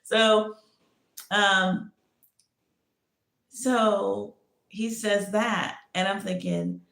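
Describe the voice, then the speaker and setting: A woman's voice: mid-range voice, huge pitch swings, very slow, a bit bright. A woman hosting a podcast, telling a personal story in a rambling way, with many restarts. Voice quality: creaky. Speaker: podcast host. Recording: echoey room.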